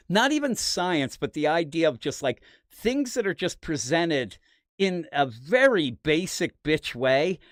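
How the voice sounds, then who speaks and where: A man's voice: a little high, no echo, clean studio sound. A man hosting a casual comic book review podcast, telling stories in a fired-up way and mocking people with quoted voices. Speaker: podcast host.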